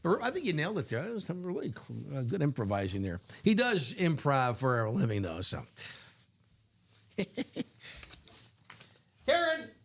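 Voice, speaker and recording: A man's voice: mid-range voice, very animated, normal speed, creaky, breathy edge. A man hosting a live card-break stream, upbeat and chatty in a casual way.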